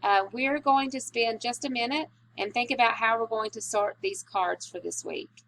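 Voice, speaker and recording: A woman's voice: fairly high pitch, creaky, fairly bright tone, slight background noise. Woman teacher, patient phonics lesson. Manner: slow, patient, stretching out sounds. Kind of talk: recorded spelling lesson.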